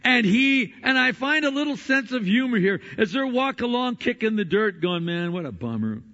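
High-voiced preacher in a ringing hall. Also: male voice, moderate pace. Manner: earnest, swings between hushed and emphatic. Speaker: pastor. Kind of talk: sermon. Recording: dull sound in a reverberant hall.

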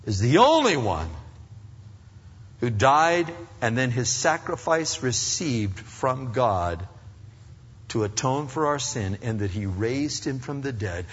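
Husky preacher in a reverberant hall. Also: male voice, mid-range voice, very animated, slow. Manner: emphatic, swinging from loud rising appeals to hushed earnestness. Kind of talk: sermon. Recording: dull recording in a reverberant hall.

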